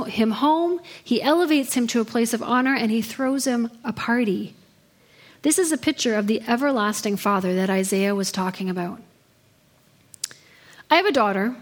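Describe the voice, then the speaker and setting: A woman preaching a sermon in her thirties, telling stories in an earnest way. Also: on the high side. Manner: earnest storytelling delivery.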